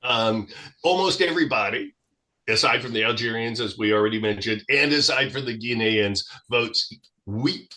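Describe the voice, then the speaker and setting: A man with a bright, forceful voice talks through history as an interview guest. He explains at length, with lively swings in his delivery, in the manner of an engaged expert. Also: mid-range voice, moderate pace.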